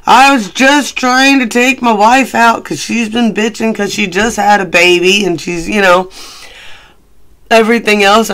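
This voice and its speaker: A man voicing a frazzled, exasperated new father who complains that everyone is yelling. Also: high voice, clear, resonant tone. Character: frazzled new father, a king, middle-aged.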